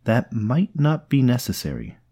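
A wry, sarcastic young woman, as a male narrator puts her on in an audiobook. Her voice is lifted a little above his low, husky own. She sounds dry and knowing. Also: big pitch swings, measured pace, dark tone, exaggerated voice. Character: sharp, sardonic young woman.

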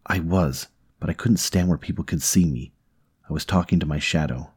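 A man's voice: a bass voice, moderate pace, breathy edge. A man playing a tense, irritable young man. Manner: tense, irritable, pushing his voice up. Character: tormented, short-tempered young man.

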